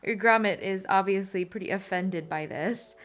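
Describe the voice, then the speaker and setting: A woman chatting casually as co-host of a drawing channel, telling a story in detail with animated enthusiasm. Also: mid-range voice, normal speed. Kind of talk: casual chat while drawing.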